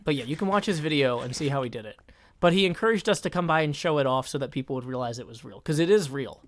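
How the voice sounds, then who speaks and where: A man's voice: fairly high pitch, expressive, fast talker, slight background noise. A man streaming a game live, chatting casually, thinking aloud, cutting himself off mid-sentence and answering chat. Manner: thinks aloud, self-interrupting, reads chat. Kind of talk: casual live-stream commentary while gaming.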